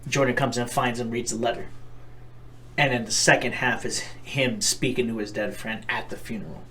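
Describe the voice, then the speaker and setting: A young man co-hosting a podcast in loose, casual chat. He rambles, swears freely and speaks with earnest feeling, at an ordinary middle pitch. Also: steady tone, moderate pace, pushed and bright, slight background noise. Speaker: podcast co-host.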